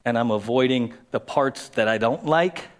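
A man's voice: mid-range voice, normal speed. A man preaching a sermon as a pastor in a conversational way, repeating key phrases and acting out quoted voices.

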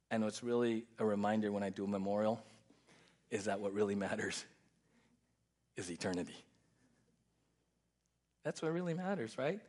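A pastor preaches emphatically and repetitively, frequently dropping his voice soft and low to stress a point.

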